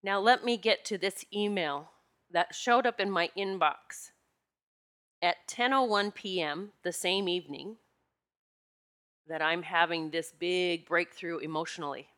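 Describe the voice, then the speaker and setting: A woman with a lowish, fairly bright voice speaks unhurriedly as she hosts a podcast. A spiritual teacher, she tells a personal story in a heartfelt, emotional way, tearful and sniffling as she holds back tears.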